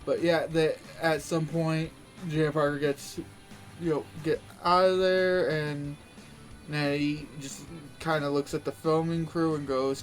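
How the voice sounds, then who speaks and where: A man's voice: on the high side, fairly even intonation, a little slow, soft background music. A man giving a casual, rambling wrestling recap, full of fillers and restarts.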